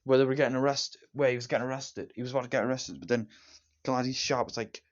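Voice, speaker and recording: The recording is dull and lo-fi as a man rattles off an enthusiastic, repetitive movie review, casual and meandering with lots of fillers and false starts. His voice is medium in pitch, fairly even in intonation, and quick.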